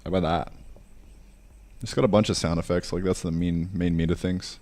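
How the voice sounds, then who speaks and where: Deep creaky-voiced man streaming. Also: steady tone, brisk, a little mellow. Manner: mumbling, thinking aloud with fillers. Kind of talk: casual live-stream chat while programming.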